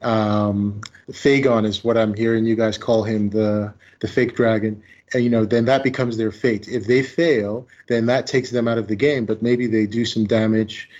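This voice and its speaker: A man's voice: fairly low pitch, flat delivery, normal speed, darkish tone, dull audio. A man musing and speculating in a casual podcast discussion. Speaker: podcast co-host.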